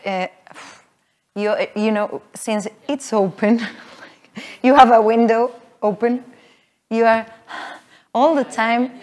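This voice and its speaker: A woman teaching a voice workshop to a live group, explaining in a halting way with many fillers. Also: on the high side. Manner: halting, filler-heavy explaining, with frequent laughs. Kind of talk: live teaching talk with sung demonstrations. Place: workshop room with an audience.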